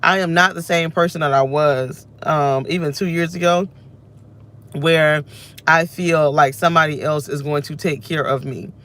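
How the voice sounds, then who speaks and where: A woman's voice: deep voice, fairly even intonation, moderate pace, a bit bright. A woman in her thirties venting and reflecting aloud while sitting in a car, in a rambling, self-reflective way. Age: 30s. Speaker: vlogger. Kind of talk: emotional personal rant to camera.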